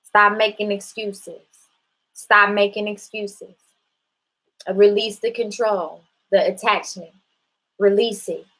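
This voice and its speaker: A woman's voice: mid-range voice, low-quality recording. A woman hosting a casual spiritual talk, speaking bluntly and with profanity straight to her viewers. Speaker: spiritual live-stream host.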